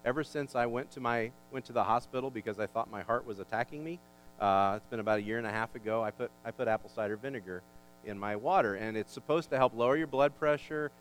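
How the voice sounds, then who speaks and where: A man's voice: fast talker, poor audio. Male pastor, sermon delivery, emphatic swells and homey humor; faint mains hum on the track. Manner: animated, rising in pitch and volume for emphasis, folksy asides and jokes.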